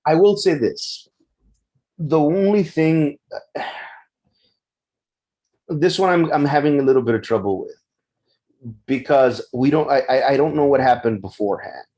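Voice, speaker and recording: A man's voice: a little high, measured pace, pauses often, dark tone. A man co-hosting a podcast, telling a story casually and animatedly, with frequent restarts. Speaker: podcast co-host. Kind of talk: casual discussion.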